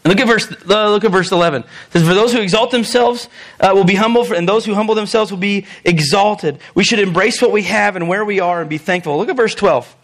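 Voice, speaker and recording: A pastor whose voice sits high preaches at a quick pace in a loose, chatty sermon. He reads scripture and acts out the people in it, chuckling as he goes.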